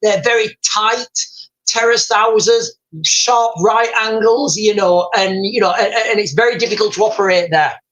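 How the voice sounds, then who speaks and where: A man's voice: high-pitched, fairly even intonation, unhurried, a bit bright, dull audio. A man hosting a live stream, reading out viewer comments and talking straight to his audience in a rambling, repetitive way. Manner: rambling, repeats himself, talks straight to viewers.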